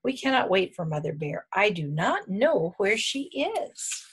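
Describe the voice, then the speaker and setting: Woman reading as a little bear cub, eager, cheerful, lively lilt, storybook. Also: medium pitch, a little slow, husky, full character voice.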